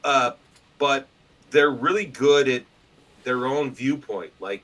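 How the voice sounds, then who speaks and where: A man telling stories as a guest in a casual interview, loud, profane and animated, slipping into other people's voices. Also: mid-range voice, slow pace, low-quality recording. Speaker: podcast guest and publisher.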